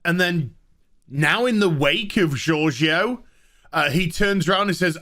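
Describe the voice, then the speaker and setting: A man with a high, bright voice rants about a TV episode, full of sarcasm and swearing. He chuckles at his own jokes and breaks into loud outbursts, and his tone is sharp and forceful. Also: a little slow. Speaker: TV show reviewer. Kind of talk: ranting casual commentary.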